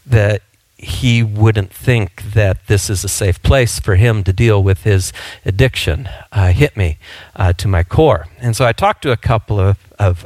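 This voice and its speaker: A man's voice: fairly low pitch, dry recording. A male pastor preaching a sermon in a conversational, storytelling way, with frequent fillers and restarts.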